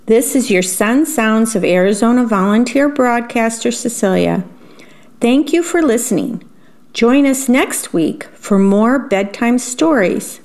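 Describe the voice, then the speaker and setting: A woman, a volunteer radio reader, gently reading a bedtime story aloud. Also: fairly high pitch. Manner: slow, gentle reading with lively voices.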